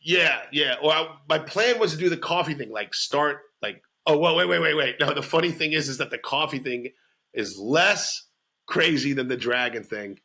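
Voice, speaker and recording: A man co-hosting a comedy podcast in casual chat, quickly agreeing, laughing and stammering into restarts. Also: a little high, expressive, bright, forceful tone.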